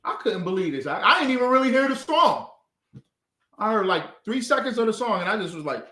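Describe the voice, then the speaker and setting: A man leading an informal scripture class, talking in a mocking, animated, slangy way. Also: high voice, a little fast. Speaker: class leader. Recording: echoey room.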